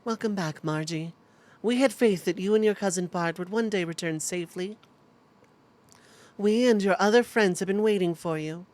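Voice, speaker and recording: A woman voicing a kindly, solemn older nun in a video game, speaking slowly and softly. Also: mid-range voice, natural voice. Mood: tender.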